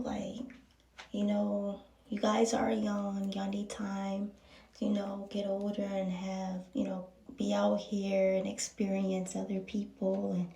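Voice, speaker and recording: A young woman from Baltimore telling a personal story in a candid, emotional way, with slow pauses and soft whispered stretches. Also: medium pitch, fairly even intonation, vocal fry. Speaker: vlogger. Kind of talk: casual storytime monologue. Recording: roomy echo from a distance.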